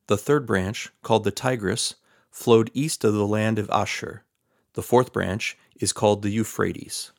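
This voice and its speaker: A man reading scripture aloud in a steady, measured way, lightly voicing the quoted speech. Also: lowish voice, gravelly, dry recording, clean studio sound. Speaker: Bible reader.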